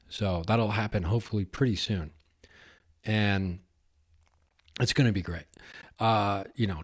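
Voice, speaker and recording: A man hosting a podcast, rambling and chatty in a casual solo monologue, laughing at himself and swearing now and then. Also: lowish voice. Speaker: podcast host.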